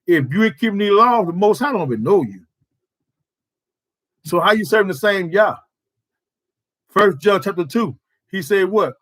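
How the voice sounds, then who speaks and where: A man's voice: high-pitched, animated, moderate pace, long pauses, fairly bright tone. A man preaches at a prayer service. He talks in an emphatic, colloquial way and keeps firing rhetorical questions at his listeners. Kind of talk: sermon.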